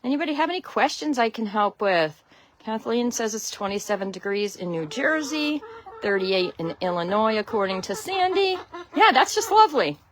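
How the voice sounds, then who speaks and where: Walking around her outdoor chicken run with her phone, a backyard chicken keeper from Connecticut hosts a casual livestream in her Connecticut accent. Her mid-range voice swings broadly in pitch at a moderate pace. She greets viewers by name and laughs a lot.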